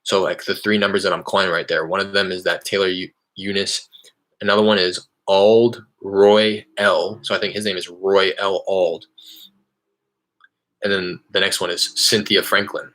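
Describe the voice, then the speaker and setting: A man casually explaining real estate cold calls, rambling and candid, with an upbeat questioning pitch on the phone. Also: little pitch movement, moderate pace, a bit bright. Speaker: real estate wholesaler cold calling sellers.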